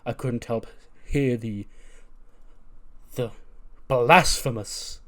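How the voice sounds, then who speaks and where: A man voicing a pompous male university professor who talks in a lofty, drawn-out way. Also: mid-range voice, fairly bright tone. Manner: grandiose, drawn-out words.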